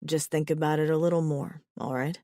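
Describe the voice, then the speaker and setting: A woman voicing a soft-spoken possessive alien warrior. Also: sits low, steady tone, fairly quick, dry recording, studio quality. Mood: tender.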